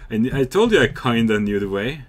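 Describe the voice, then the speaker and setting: A young man giving casual, chatty commentary while playing a game, excitable and swearing freely. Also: mid-range voice. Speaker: gamer.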